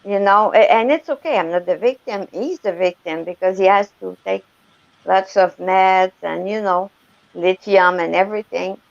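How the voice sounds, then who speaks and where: A woman's voice: mid-range voice, moderate pace, gravelly, dry recording, dull audio. A woman, calling in to a casual chat, hesitant and often searching for words. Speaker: caller.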